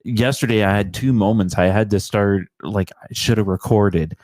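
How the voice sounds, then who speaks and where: A man co-hosting a casual chat, telling stories in a rambling, animated way. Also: lowish voice, moderate pace, dry recording, studio quality. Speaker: co-host.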